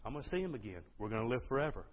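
A male pastor preaching a sermon with exuberant energy, swinging from loud bursts to hushed lines. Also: mid-range voice, very animated, very fast. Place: church sanctuary. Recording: dull lo-fi sound.

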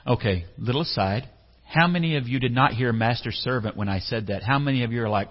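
A pastor with a medium-pitched voice preaches a conversational sermon a little fast, recorded in an echoey hall with slightly dull sound. He puts questions to the congregation and acts out short quotes.

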